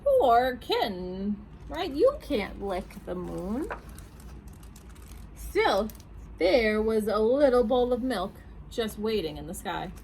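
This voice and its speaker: Animated woman reading children's stories. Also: fairly high pitch, takes it slowly, vocal fry, long pauses, slight background noise, poor audio. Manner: animated, asks young listeners questions. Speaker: children's librarian. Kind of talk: reading picture books aloud at a storytime.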